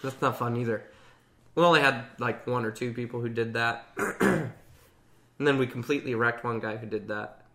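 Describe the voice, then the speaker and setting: A man's voice: mid-range voice, steady tone, normal speed, fairly bright tone. A young man in casual gaming chat, telling stories with lots of energy and acting out other players in raised voices.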